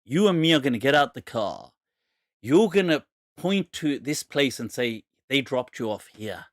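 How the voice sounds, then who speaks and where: An excitable, insistent Egyptian taxi driver, as a man puts him on while telling a story. He leans in low and confiding, then flares up loud, and the voice sits dry and close to the mic. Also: moderate pace, no echo, natural voice.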